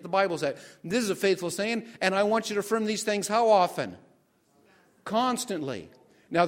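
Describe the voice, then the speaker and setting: Older male pastor, higher-pitched voice, sermon delivery, quizzes his listeners as he goes. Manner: asks the congregation questions and waits for answers.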